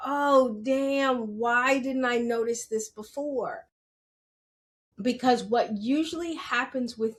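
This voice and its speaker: Woman podcaster, slightly high voice, animated storyteller who swears and acts out her reactions. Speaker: podcast host. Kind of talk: casual personal storytelling.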